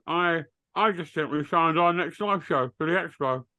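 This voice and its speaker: A man with a slightly higher, sharp-toned voice, ranting in dry, sarcastic banter. His delivery stays deadpan, and the sound is close and dry. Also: moderate pace, no room sound. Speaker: podcast co-host. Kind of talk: comedic rant.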